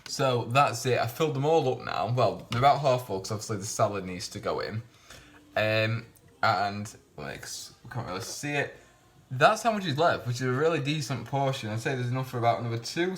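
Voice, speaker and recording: Brisk and a bit bright, a medium-pitched male voice delivers loose cooking commentary from a home kitchen. The vlogger rambles, keeps things chatty, and cracks jokes at his own expense.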